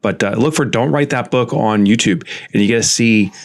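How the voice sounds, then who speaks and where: A man's voice: mid-range voice, a little fast. A man co-hosting a podcast from his home office, chatting casually in a rambling, self-mocking way. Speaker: podcast co-host.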